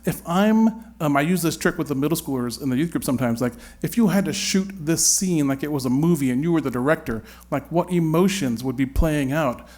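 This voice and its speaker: A man's voice: a little high, fairly quick, hardly any pauses, a little mellow. Conversational male Bible teacher. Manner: conversational and searching, with hedges and restarts.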